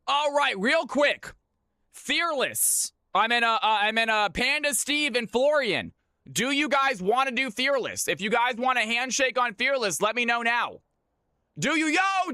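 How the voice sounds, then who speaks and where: A man hosts a live game stream with a bright, high voice and plenty of energy. He chats loosely with viewers and laughs often. The sound is close and dry. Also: clear, resonant tone, no echo. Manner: hyped, chatty, laughs often. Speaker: stream host and caster. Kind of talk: casual live-stream chat.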